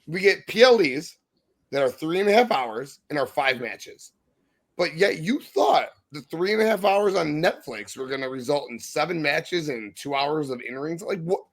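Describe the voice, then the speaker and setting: A man's voice: on the high side, animated, moderate pace. A man co-hosting a podcast, delivering a heated, profane wrestling review rant. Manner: profane, impassioned, ranting. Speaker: podcast co-host.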